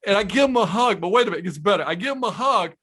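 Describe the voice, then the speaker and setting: Man, podcast guest, enthusiastic storyteller, slightly high voice, forceful bright tone. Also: lively intonation, very fast, breathy edge. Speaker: podcast guest, sales trainer. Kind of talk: storytelling in casual conversation.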